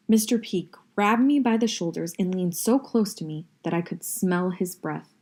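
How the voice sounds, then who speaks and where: A woman's voice: fairly low pitch, normal speed, darkish tone. A woman reading a novel aloud in a wry, conversational first-person voice. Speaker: reader. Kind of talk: audiobook-style reading of a novel.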